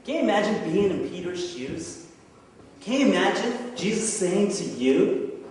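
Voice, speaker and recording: A man's voice: high-pitched, big pitch swings, unhurried, darkish tone, a little hiss or hum. A male pastor giving a conversational sermon, often putting questions to the congregation. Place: church sanctuary. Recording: echoey church hall from far off.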